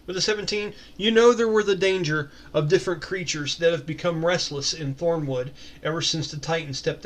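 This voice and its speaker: A man narrating as game master of a tabletop game, descriptive and relaxed, with casual swearing. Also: a little high.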